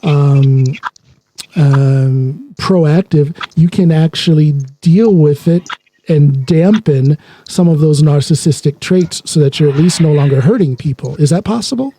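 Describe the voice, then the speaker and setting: A man hosting a podcast, asking questions in a halting, hesitant way with many restarts. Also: on the high side, mellow, rough recording. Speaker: podcast host. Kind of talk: casual interview questions.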